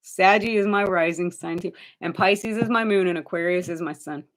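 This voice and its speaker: A tarot reader with a fairly low-pitched voice does live readings for viewers at a moderate pace. She's chatty and direct, using their names and calling them honey.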